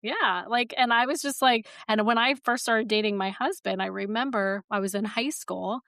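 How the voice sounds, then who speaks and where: A woman's voice: fairly high pitch, moderate pace, fairly bright tone, dry recording, clean studio sound. A woman in her forties hosting a podcast, chatting casually and laughing often. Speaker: podcast host. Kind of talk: casual conversation.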